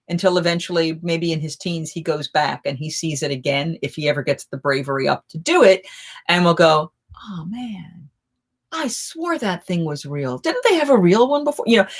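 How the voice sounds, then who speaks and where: Woman, live chat host, lowish voice, rambling anecdotes. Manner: rambling, animated anecdote telling. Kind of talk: casual storytelling chat.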